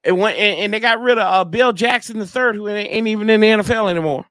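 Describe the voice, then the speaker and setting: A man's voice: high-pitched, quick pace, a bit bright, no echo. Male fan-show host, casual slangy rambling, answers chat, dry close mic. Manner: rambling, reads chat comments aloud, slangy. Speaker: podcast host reading live chat. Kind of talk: casual sports fan livestream.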